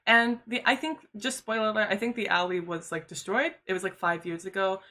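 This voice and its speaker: A woman's voice: mid-range voice, fairly even intonation, brisk, hardly any pauses, sharp tone. A woman streamer telling a personal story in casual chat, talking loosely and filling her sentences with "like" and "you know". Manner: chatty, filler-heavy, uses "like" constantly.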